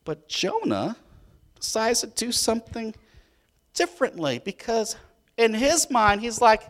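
A pastor preaches with a storyteller's energy, his voice sitting a bit high for a man. He swings from booming emphasis to hushed, close delivery. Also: a little slow, pauses often. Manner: animated, storytelling, swings between loud and hushed. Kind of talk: sermon.

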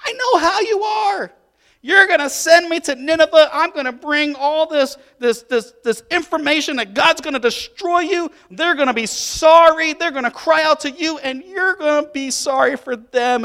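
A man's voice: normal speed, exaggerated voice. A man voicing a resentful, grumbling prophet who refuses his mission, in a raised, indignant voice. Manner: indignant, high and loud.

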